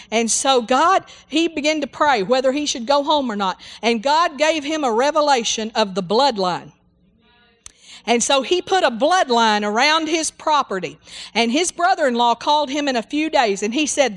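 A woman's voice: high-pitched, lively intonation, moderate pace. A woman preaching a sermon in a fervent, rambling way, full of hallelujahs and amens. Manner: rambling, with restarts and asides.

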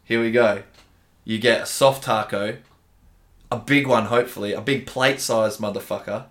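A man's voice: lowish voice, fairly even intonation, moderate pace, fairly bright tone. An Australian man co-hosting a casual podcast, laid-back and swearing freely, calling his listeners dude and bro. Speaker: podcast co-host, gym owner and coach.

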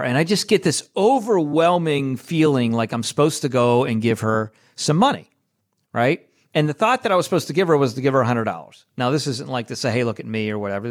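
A conversational man in his thirties shares a story about faith and giving. His voice sits at an ordinary pitch, and he talks in a loose, friendly way, tossing in quick asides and tag questions. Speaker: podcast host. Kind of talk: casual faith-based storytelling.

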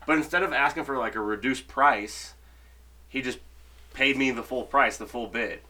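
Man, bright voice, casual chat, storyteller, mimics callers. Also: mid-range voice, normal speed. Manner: storyteller acting out phone calls. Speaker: podcast co-host, window cleaner.

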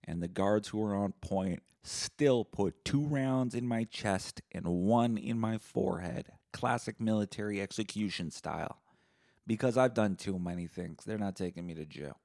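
A man hosting a solo podcast, rambling in crude deadpan humor. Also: fairly low pitch, moderate pace, vocal fry. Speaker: podcast host.

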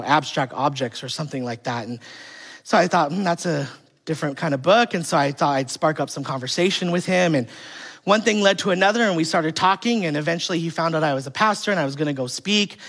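A pastor preaches in a relaxed, conversational way, slipping into funny stories about home life and acting out bits of family dialogue. The sermon keeps turning to the congregation with rhetorical questions. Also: medium pitch.

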